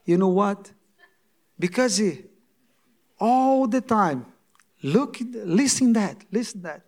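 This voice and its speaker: Male preacher, high voice, halting non-native English, repeats words for emphasis. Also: animated. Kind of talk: sermon-style testimony.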